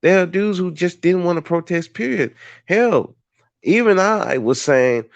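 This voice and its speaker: A man hosts his own podcast and delivers a heated, profane solo rant. His voice sits a little high for a man, and he speaks bluntly and with force. The recording is dry, with a somewhat dull, lo-fi sound. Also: animated, unhurried, gravelly, no room sound. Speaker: podcast host.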